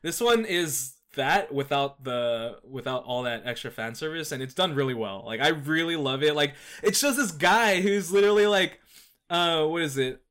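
Young man, casual chatter, slightly high voice, rambles with fillers and excited retellings. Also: normal speed. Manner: rambling, animated storytelling with lots of fillers. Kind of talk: casual chat.

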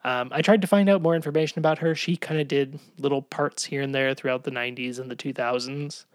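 A man's voice: medium pitch, fairly even intonation, fast talker, no room sound. A man co-hosting a podcast, recapping a sitcom episode in a wry, analytical, hedging way. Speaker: podcast co-host. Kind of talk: casual episode recap chat.

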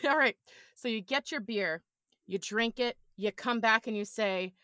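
A woman's voice: a little high, a little slow, pushed and bright, dry recording, studio quality. A woman chatting as a podcast guest, telling playful stories in a casual way. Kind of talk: casual chat.

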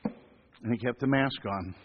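A man's voice: mid-range voice, a little slow, slight background noise. Man telling a storytelling sermon in an echoey hall. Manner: animated, acts out voices. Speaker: hospital chaplain telling a story. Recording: echoey hall, dull lo-fi sound.

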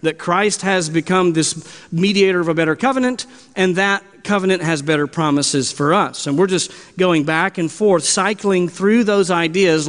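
A man with a notably high speaking voice teaches from the pulpit in an earnest, explanatory sermon. He circles back to key phrases and restarts his sentences as he works through the text. His voice rings out with a long reverb in a church hall. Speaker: pastor. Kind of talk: expository sermon.

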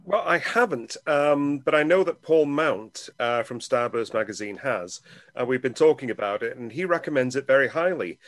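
A man's voice: medium pitch, lively intonation, normal speed, a bit bright, no echo. A man chatting as a film panelist on a radio show, in a wry, chatty way. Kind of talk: casual panel chat.

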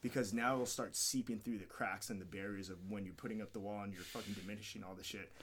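A man's voice: on the low side, fairly even intonation, fast, fairly bright tone, a little hiss or hum. Candid, swearing man telling a story. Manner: candid, rambling, swears often, acts out quotes. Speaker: podcast guest, MMA fighter. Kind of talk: casual storytelling interview.

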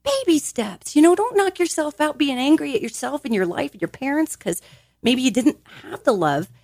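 Animated, lively woman with a swinging pitch. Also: normal speed, no echo, clean studio sound. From grew up in a large Italian family. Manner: animated, emphatic, acts out little quoted voices. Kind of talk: motivational podcast talk.

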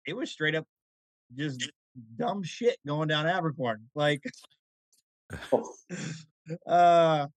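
A man's voice: a little high, extremely slow, long pauses, dry recording, poor audio. A man on a podcast, telling rambling stories in casual chat and often restarting his sentences. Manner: rambling, self-correcting storyteller. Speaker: podcast co-host.

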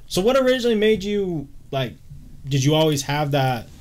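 A man hosting a casual chat, relaxed, with short reactions and curious questions. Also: a little high, normal speed.

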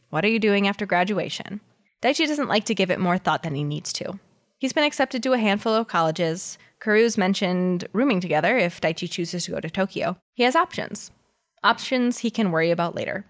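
A woman reading fan fiction aloud in a casual way, giggling often and breaking in with chatty asides. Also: mid-range voice. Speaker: reader.

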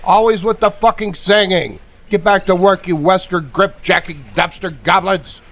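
A man playing an abrasive, yelling ship captain. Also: sits high, normal speed. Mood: angry. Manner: shouting, abrasive, profane. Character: bad-tempered male ship captain yelling at his crew. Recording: loud backing music.

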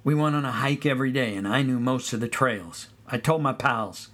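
A man narrating a first-person story of his boyhood at summer camp in a relaxed storytelling way. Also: medium pitch, normal speed. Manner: relaxed storytelling, sings song snippets.

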